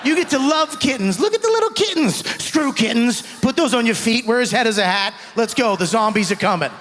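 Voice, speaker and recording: High-voiced man doing loud stand-up. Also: fairly quick. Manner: animated, shouting punchlines, acting out voices. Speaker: stand-up comedian. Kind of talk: stand-up comedy set. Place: comedy club stage before a live audience. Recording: live stage audio with long hall reverb.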